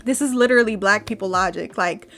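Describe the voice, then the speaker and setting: A woman's voice: medium pitch, fast talker, soft background music. A young adult woman hosting a podcast, telling a personal story candidly, laughing now and then and acting out the people she quotes. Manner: candid, laughs through dark memories, acts out quoted voices. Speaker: podcast host.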